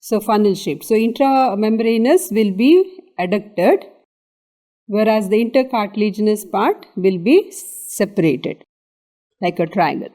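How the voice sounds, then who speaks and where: A woman's voice: mid-range voice, lively intonation, unhurried, mellow. A woman with an Indian English accent giving an exam revision lecture on anatomy, explaining step by step and often checking in with "okay".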